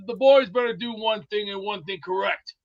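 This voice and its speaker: A man's voice: high voice, moderate pace. A man hosting a live sports talk show, rambling and boisterous, full of movie quotes. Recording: dull lo-fi audio.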